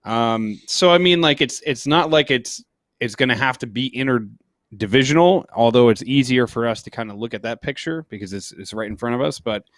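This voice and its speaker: A man's voice: mid-range voice, a little fast, fairly bright tone, dry recording. Jokey man in dry close sports chat. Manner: talkative, jokey. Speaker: podcast co-host.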